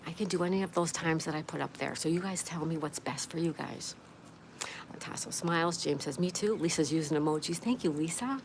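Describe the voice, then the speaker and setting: A woman with a low, gravelly voice hosts a relaxed livestream chat. She reads out viewer comments one after another and replies to each in a friendly, chatty way. Steady background noise runs under her voice. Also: a little fast. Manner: reads viewer comments aloud and answers them. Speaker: livestream host.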